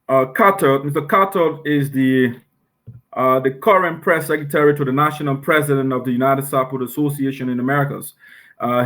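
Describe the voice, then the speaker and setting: Halting Liberian man hosting a talk show. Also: medium pitch. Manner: halting, many fillers and restarts. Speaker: diaspora talk show host. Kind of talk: casual online show chat.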